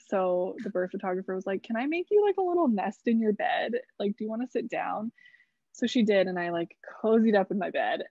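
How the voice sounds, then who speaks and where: A woman's voice: medium pitch, a little mellow, no echo. A young woman telling a personal story in a casual podcast chat, full of "like" and some casual swearing. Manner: chatty, lots of "like", casual swearing. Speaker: guest telling her birth story. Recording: slightly dull, dry recording.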